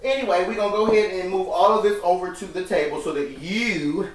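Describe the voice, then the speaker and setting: A man's voice: high voice, a little fast, slight background noise. Sassy, foul-mouthed man in an echoey kitchen. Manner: sassy, profane, campy storytelling. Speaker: cooking show host. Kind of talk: casual cooking vlog. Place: home kitchen. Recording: echoey room, mic at a distance.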